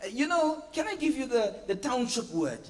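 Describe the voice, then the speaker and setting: A pastor preaching a sermon, asking the congregation for agreement and acting out family scenes with playful voices and sound effects. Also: male voice, very high-pitched, very animated, moderate pace. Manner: preaching with call-and-response questions to the congregation. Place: church hall. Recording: long reverb of a church hall.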